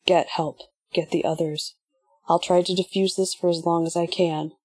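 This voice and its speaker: A woman's voice: on the low side, little pitch movement, moderate pace, a little mellow, slightly rough, no room sound. A woman voicing a determined female lead agent who gives firm, stern orders in an audiobook. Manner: stern, commanding.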